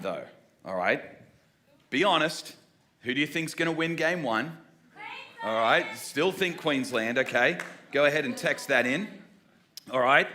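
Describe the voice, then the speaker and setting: A man in his forties whose speech blends an Australian accent with an American one, preaching to a church congregation. He is energetic and playful, joking straight at the room. His tone is bright and forceful. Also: medium pitch. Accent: Australian mixed with American. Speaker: guest preacher. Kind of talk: lively sermon opening with crowd banter. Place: church service before a congregation.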